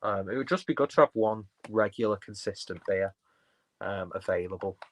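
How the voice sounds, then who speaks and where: Rambling low-voiced man. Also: normal speed, a little hiss or hum. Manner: rambling, filler-heavy, chatty. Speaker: beer vlogger reading live chat. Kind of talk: casual live-stream chat.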